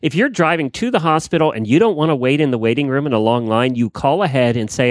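Woman, casual chat co-host, jokey, teasing, frequent laughter, lively pitch, dry close sound. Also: fast, hardly any pauses, no echo. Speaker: podcast co-host.

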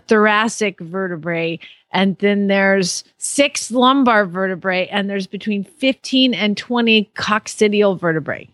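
A woman's voice: medium pitch, a bit bright, no echo. A middle-aged woman with a mid-range voice who talks in an easy, chatty way and laughs readily. The sound is close and dry, with no room around her. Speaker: student taking an exam. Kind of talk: casual chat.

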